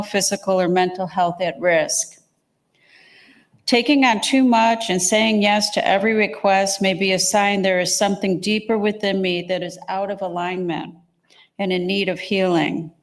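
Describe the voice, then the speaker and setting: A woman reading a daily devotional and a psalm aloud to a church congregation in a steady, measured way. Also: medium pitch. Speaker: service reader. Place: church service.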